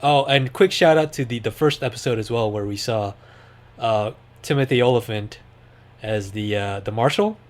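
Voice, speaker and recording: A man's voice: medium pitch, moderate pace. A man hosting a podcast, talking in a rambling, enthusiastic way with lots of fillers. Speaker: podcast host. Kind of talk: casual chat.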